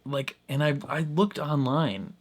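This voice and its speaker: A young man hosting a reaction video, thinking out loud in casual commentary, full of "like" and "I don't know", often breaking into a laugh. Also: on the high side, lively intonation, unhurried.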